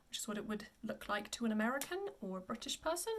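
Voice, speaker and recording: A woman voice coach giving a pronunciation lesson. She demonstrates each word slowly and then repeats it. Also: fairly high pitch, lively intonation, slight background noise.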